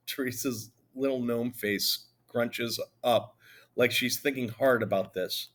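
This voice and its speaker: A male audiobook narrator reads a children's novel told in the first person, speaking slowly in an easy, conversational way. His middling-pitched voice keeps the story moving with a lively touch.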